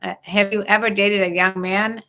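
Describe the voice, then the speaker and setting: A woman's voice: medium pitch, flat delivery, normal speed, pushed and bright. An older woman hosting a casual livestream chat, joking bawdily and reading out viewer questions. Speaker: livestream host.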